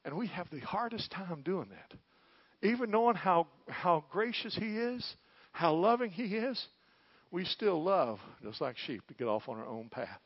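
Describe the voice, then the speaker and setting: A man preaching a sermon, with an impassioned delivery that swells to loud peaks. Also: high voice, sing-song, measured pace, breathy edge, no room sound, lo-fi sound.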